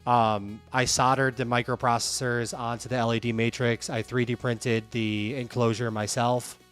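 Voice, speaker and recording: A man's voice: medium pitch, moderate pace, soft background music. A man hosting a livestream, chatting casually and candidly, reading viewer comments aloud. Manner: candid, animated, reads chat comments aloud. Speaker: livestream host.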